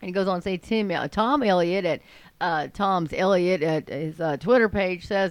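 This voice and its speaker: A woman's voice: medium pitch, no echo. Woman host, sarcastic news commentary, dry close sound. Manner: scornful, mocking, addresses viewers as folks. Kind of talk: opinionated commentary reading news.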